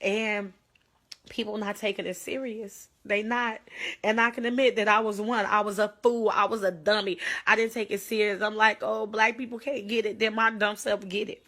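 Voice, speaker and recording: A woman's voice: medium pitch, little pitch movement, moderate pace, a bit bright. Urgent pleading woman on a phone livestream. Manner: urgent, pleading, on the edge of tears. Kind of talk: emotional livestream plea.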